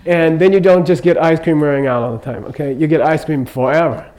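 In a loose, humorous Buddhist talk, an older man with a slightly high, somewhat mellow voice speaks a little fast, drifting off on tangents. Chatty rather than sermon-like, he constantly checks in with "okay?", and the recording is rough.

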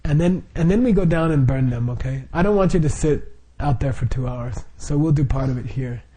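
A man's voice: a little high, a little fast, warm tone, slightly rough. A middle-aged man leading a Buddhist group, explaining the practice informally with frequent chuckles, fillers and restarts.

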